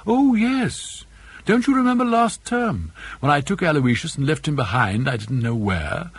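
Man voicing a husky, teasing young aristocrat, petulant and wistful, audiobook. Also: on the high side, expressive, moderate pace, no room sound. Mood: whimsical. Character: whimsical young aristocratic male student, petulant.

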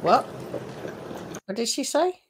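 A woman's voice: a little high, very animated, takes it slowly, background noise. A woman giving mocking, gossipy commentary over a video she is reacting to. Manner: sarcastic, gossipy asides.

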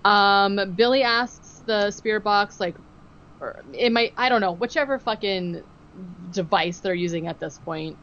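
A woman co-hosting a podcast animatedly recaps a TV episode in casual chat, acting out quotes and using plenty of "like" and "um." Her voice is medium-pitched and unhurried, and the audio has cut-off highs plus a little hiss or hum.

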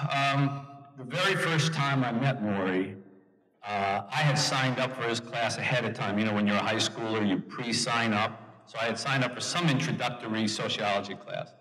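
A man's voice: mid-range voice, normal speed. A middle-aged man, an author, telling anecdotes with jokes and voices in an audience Q&A at a large event hall. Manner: animated storyteller, jokes and mimics others. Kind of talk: storytelling answers in an audience Q&A. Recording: long hall reverb.

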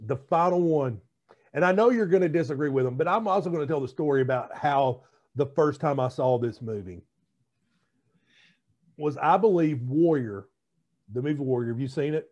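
A man's voice: a little high, expressive, normal speed, pauses often, a little mellow. Chatty podcast man, dull lo-fi sound. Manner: chatty, rambling storyteller. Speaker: podcast co-host. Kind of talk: casual chat.

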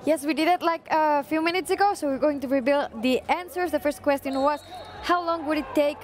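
A woman's voice: high-pitched, a little fast. A woman presenting quiz answers and fan predictions on a live match stream, bubbly and giggly.

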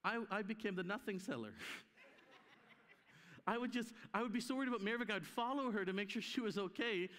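A man's voice: sits high, a little fast, pauses often. A man from Canada telling stories in a sermon at a church conference, acting out the voices of people he quotes. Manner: animated, acts out quoted voices. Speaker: conference speaker. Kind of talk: storytelling sermon. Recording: echoey hall reverb.

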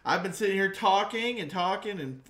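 Easygoing streamer in an echoey room. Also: male voice, high voice, expressive, normal speed, a bit bright. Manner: easygoing, laughs often. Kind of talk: casual gaming banter. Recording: echoey room with faint noise.

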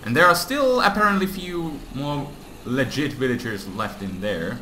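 A man's voice: medium pitch, moderate pace. A man giving casual gameplay commentary, exclaiming often and talking to the creatures on screen. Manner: excitable, exclaims often, talks to game mobs. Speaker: gaming YouTuber. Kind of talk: casual Let's Play commentary. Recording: echoey room, faint background noise.

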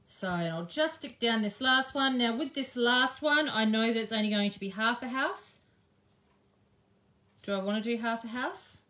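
A woman's voice: fairly high pitch, normal speed, pushed and bright. An Australian woman chatting and thinking aloud with frequent ums as she teaches a live craft demonstration. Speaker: craft teacher and shop owner.

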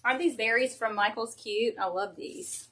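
A woman's voice: fairly high pitch, background noise. A woman hosting a crafting livestream, chatting casually and easily while she works. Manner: easygoing, chatty, quick to laugh.

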